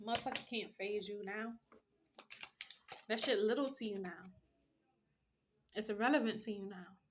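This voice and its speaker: A woman's voice: medium pitch, moderate pace, background noise. A woman giving a casual tarot reading with a blunt, profane pep-talk manner. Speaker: tarot reader.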